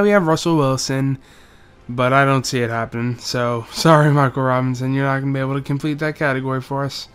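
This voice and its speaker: A man's voice: medium pitch, fairly bright tone, clean tone. A young man giving casual, joking commentary over a football video game, rambling through stats and doing mock play-by-play. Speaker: gaming YouTuber.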